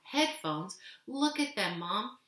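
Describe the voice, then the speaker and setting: A woman's voice: lowish voice, fairly even intonation, a little fast, a bit bright, close to an everyday voice. A woman reading the lines of a stubborn, self-conscious young boy who whines and sulks. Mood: sulky. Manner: whiny, sulky. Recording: echoey room.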